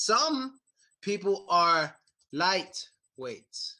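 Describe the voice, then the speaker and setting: A bright, forceful man teaching English slang through a rambling anecdote. He curses freely and circles back to repeat his key words. His voice sits a little high for a man. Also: lively intonation, moderate pace. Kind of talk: casual vocabulary lesson told through a story.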